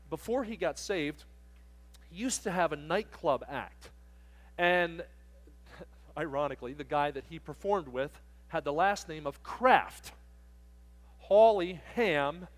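A middle-aged man from southern New Jersey preaching to teens at a camp, joking but firm and conversational. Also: on the high side. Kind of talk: sermon to teens.

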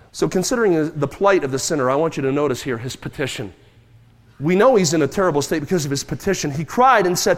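A man's voice: high-pitched, lively intonation, fairly quick, a bit bright, in a large hall. A man preaching a sermon in a church, emphatic and dramatic, acting out cries and quoted voices. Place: church sanctuary.

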